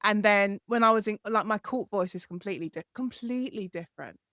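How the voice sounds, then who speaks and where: A woman's voice: medium pitch, fairly bright tone, no echo, studio quality. A woman hosting an interview podcast, chatty and encouraging. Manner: chatty, encouraging, quick to laugh. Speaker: podcast host. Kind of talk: conversational interview.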